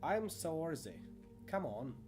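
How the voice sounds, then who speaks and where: A terse young woman lookout for a street gang speaks in short, clipped lines in a North Dublin accent, as a man puts her on. Her pitch pushes up high and loud, over music playing behind. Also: big pitch swings, drawn-out words, heavily acted. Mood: curt. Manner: curt, laconic.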